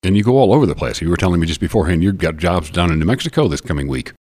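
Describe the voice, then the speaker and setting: A man's voice: sits low, animated, racing, darkish tone. A man hosting a local business interview, reading a scripted intro and then asking friendly questions. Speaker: interview host.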